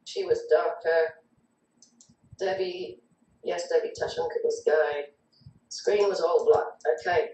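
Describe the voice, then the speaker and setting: A woman's voice: low-pitched, fairly even intonation, slow, pauses often, warm tone, muffled recording. Shaken woman medium, echoey distant mic. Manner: shaky, reads chat comments aloud. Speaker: spirit medium guest. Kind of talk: live online show chat.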